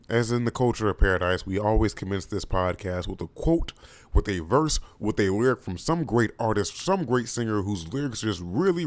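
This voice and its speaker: Animated young man hosting a podcast. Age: 20s. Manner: animated, playful, mock-preacher flourishes; swoops up into high exclamations. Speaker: podcast host. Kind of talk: casual podcast monologue.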